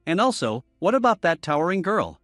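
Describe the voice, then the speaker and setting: A man's voice: high-pitched, very animated, brisk, a bit bright, dry recording, clean studio sound, faint music behind. A man voicing a chatty, eager young man meeting an old classmate in a story recap.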